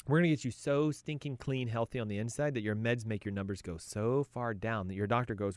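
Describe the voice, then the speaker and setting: A man's voice: mid-range voice, a little fast, few pauses, dry recording, studio quality. A man hosting a health talk as a coach, emphatic and punchy, rattling off lists. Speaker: health coach and show host.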